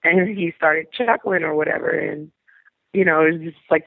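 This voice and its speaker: Gravelly New woman over a phone line. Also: low voice, fairly even intonation, a little fast, no room sound. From New Orleans, USA. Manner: rambling and searching for words, with many trailing restarts. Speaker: actor. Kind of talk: interview storytelling. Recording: tinny dry phone-line sound.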